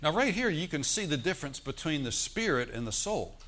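A man's voice: on the high side, big pitch swings, a little fast, few pauses, fairly bright tone. A male pastor preaching a sermon in a church, asking his congregation questions and leading them in reciting scripture.

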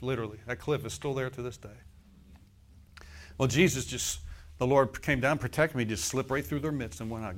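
Folksy laughing male preacher. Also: mid-range voice. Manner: folksy, laughing asides, rhetorical questions to the congregation. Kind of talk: sermon. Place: church service.

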